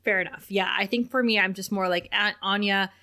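A woman's voice: mid-range voice, fairly quick. A young woman co-hosting a podcast, recapping an episode in casual chat and laughing often. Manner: animated, laughs often, reads quotes in lively voices. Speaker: podcast co-host.

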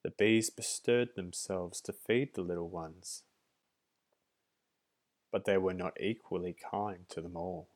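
Slow deep-voiced male storyteller. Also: steady tone, darkish tone. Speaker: narrator. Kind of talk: storybook reading.

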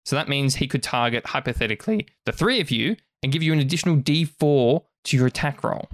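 A man talks through the rules and the story as game master, relaxed and a bit rambling. His voice sits at an ordinary pitch, and the sound is dry and close with no room echo. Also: quick pace. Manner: casual, explanatory, frequent fillers. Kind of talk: narrating a tabletop game.

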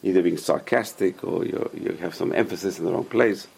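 A man's voice: sits low, fairly quick, gravelly, a little mellow, breathy edge. A man teaching a casual religious class who repeats his points and drills pronunciation with the students.

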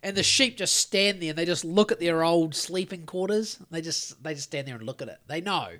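A man's voice: a little high, fairly quick, a bit bright. An Australian man co-hosting a podcast, telling a long story in a rambling, sweary way with lots of restarts. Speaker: podcast co-host. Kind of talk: casual chat.

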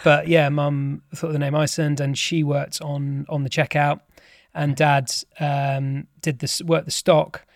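A man who is a company chairman, telling his story as a podcast guest in relaxed, self-deprecating chat. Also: a little high, a little slow, creaky, few pauses, dry recording. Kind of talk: casual interview chat.

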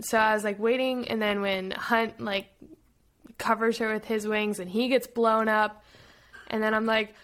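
A woman's voice: on the high side, measured pace. Chatty young woman gushing over a book. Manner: animated, laughs often, fond of retelling scenes. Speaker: podcast co-host. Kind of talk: casual book-review chat.

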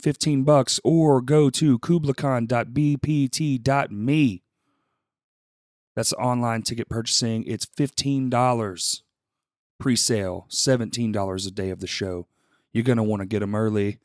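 A male podcast host with a middle-pitched voice, tossing off a casual, profanity-laced sponsor read and guest intro. He clears his throat between lines and jokes about it. The sound is dry and close, with no room around it. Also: a little slow, a little mellow, no room sound. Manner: loose, profane, self-deprecating banter.

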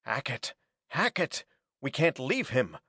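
A man voicing a desperate young man shouting frantically while fleeing captors. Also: medium pitch, very animated, slow pace, breathy edge, dry recording, studio quality, full character voice.

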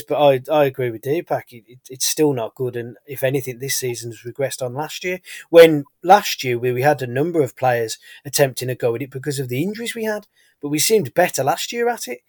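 A man's voice: mid-range voice, a little fast, darkish tone, dry recording, clean studio sound. A man with a British accent, co-hosting a casual sports podcast, chatty and rambling with frequent fillers and restarts. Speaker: podcast co-host.

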